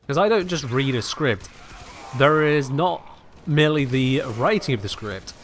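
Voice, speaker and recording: A man's voice: medium pitch, lively intonation, measured pace, fairly bright tone, a little hiss or hum. Dry, sardonic man streaming a game. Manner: dry, sardonic, chats to viewers while playing. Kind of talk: casual live-stream chat while gaming.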